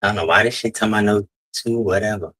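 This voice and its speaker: A man's voice: lowish voice, fast talker, sharp tone, husky, dry recording. A man hosting a casual livestream, talking in a sassy, drawling way and calling his listeners honey and child. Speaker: livestream host.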